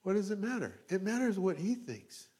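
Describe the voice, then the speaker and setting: A man's voice: high-pitched, very animated, normal speed, warm tone, breathy edge. A middle-aged male pastor preaching a sermon in a conversational way, with asides and frequent check-ins with the congregation.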